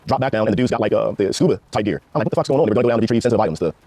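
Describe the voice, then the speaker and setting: A man's voice: fairly low pitch, dark tone, no room sound. A man, a former Ranger telling war stories in a casual, profane interview. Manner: rapid, profane, laid-back war storytelling. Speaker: guest, former Army Ranger.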